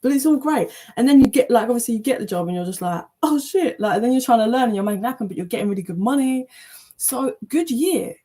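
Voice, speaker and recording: A woman's voice: fairly high pitch, fast. Chatty woman reading tarot. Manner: chatty, animated, swears casually. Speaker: tarot reader. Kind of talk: casual channeled reading.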